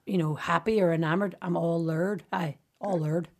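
A woman's voice: on the low side, fairly even intonation, normal speed, vocal fry. A woman with a Northern Irish Derry accent, chatting as a guest and telling stories full of local slang with a laugh. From Derry, Northern Ireland. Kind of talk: casual chat.

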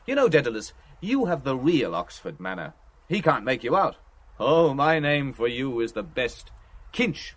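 A man's voice: medium pitch, lightly acted. An actor playing a playful, theatrical young man who mock-preaches and banters in a radio drama. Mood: scoffing.

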